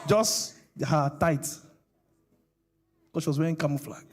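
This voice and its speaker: A man's voice: a little high, measured pace. A middle-aged male pastor, preaching a sermon with call-and-response questions to the congregation.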